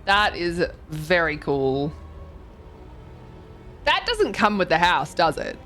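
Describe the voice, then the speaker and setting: A woman's voice: on the low side, big pitch swings, takes it slowly, fairly bright tone, faint music behind. A young woman streaming a game, chatting casually, reading chat aloud and reacting with gasps and swearing. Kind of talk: casual live-stream chat while touring game houses.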